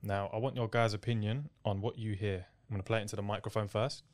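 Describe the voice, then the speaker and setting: A man's voice: fairly low pitch, fairly even intonation, fast talker, heavy background noise. A young man hosting a casual group chat, insistent and full of banter.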